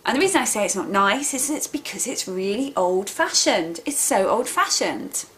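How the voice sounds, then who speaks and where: A woman's voice: medium pitch, animated, normal speed, a bit bright. A woman, explaining earnestly to camera like a teacher. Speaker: English teacher.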